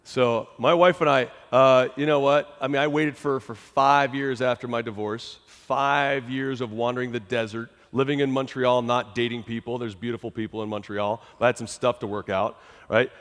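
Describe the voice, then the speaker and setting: A middle-aged man giving a motivational talk, telling a personal story to a live audience in a conversational, animated way and often asking the crowd questions. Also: medium pitch, moderate pace. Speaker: motivational speaker. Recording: long hall reverb.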